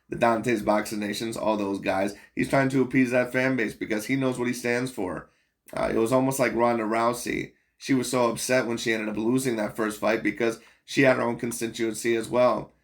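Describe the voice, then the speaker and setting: A man who hosts a boxing commentary channel rants in a rambling, casual way, speaking bluntly and profanely and using lots of fillers. His voice is medium in pitch.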